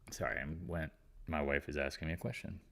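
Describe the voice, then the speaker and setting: A man's voice: a bass voice, gravelly, bright, forceful tone. A man hosting a casual live market chat, talking in a blunt, rambling and exasperated way. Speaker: market commentary host.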